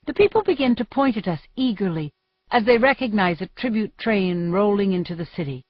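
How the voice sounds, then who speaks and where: A woman narrating an audiobook in first person, with measured, steady storytelling. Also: mid-range voice, no echo. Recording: dry, dull muffled recording.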